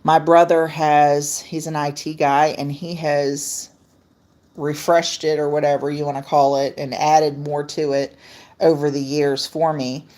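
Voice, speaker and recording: A woman talks slowly and casually to viewers over a laptop mic, greeting them by name. Her voice sits low for a woman, and she laughs easily between stories. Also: flat delivery, darkish tone. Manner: chatty, reads viewer comments aloud, laughs often. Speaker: livestream host. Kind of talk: casual livestream chat with viewers.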